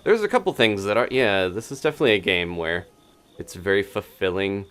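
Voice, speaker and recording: A man's voice: lowish voice, animated, brisk, a bit bright, clean tone, faint music behind. A man streaming gameplay live, chatting casually to viewers and laughing often as he plays. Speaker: game streamer.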